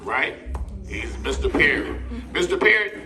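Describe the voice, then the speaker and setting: A man's voice: on the high side, very animated, a little slow, recorded from a distance. A man performing as a ventriloquist for children, coaxing his puppet in a playful way. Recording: echoey room with loud noise.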